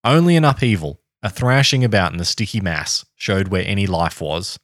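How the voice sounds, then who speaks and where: Guy reading a history story on a podcast, lowish voice, lots of ups and downs, dry sound. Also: animated, moderate pace, no echo. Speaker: podcast host.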